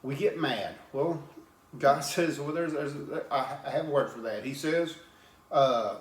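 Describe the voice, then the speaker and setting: A man's voice: a little high, measured pace, reverberant. A man preaching an informal sermon, plain-spoken and earnest, often repeating and restarting his words as he reads scripture.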